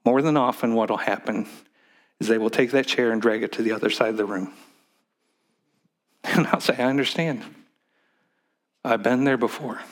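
Halting man preaching a sermon. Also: fairly low pitch. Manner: halting, repeats words, calls for congregation response. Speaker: pastor.

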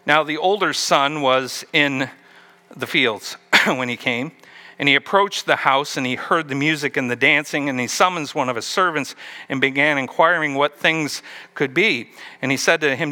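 A man's voice: fairly high pitch, moderate pace, bright, forceful tone. A man preaching a sermon, retelling a story and asking the listeners questions along the way. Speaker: pastor.

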